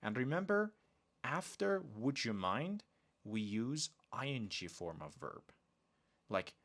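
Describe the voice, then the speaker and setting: A man, teaching polite phrases in a podcast lesson. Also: mid-range voice. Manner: slow, deliberate delivery with lively emphasis on example phrases. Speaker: English teacher, podcast host.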